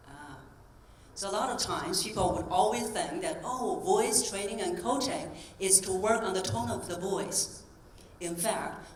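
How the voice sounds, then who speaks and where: A woman voice coach giving a keynote talk to a convention audience, animated and demonstrative, asking the crowd questions. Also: medium pitch. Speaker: voice coach and speaker. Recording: roomy echo from a distance, faint ambience.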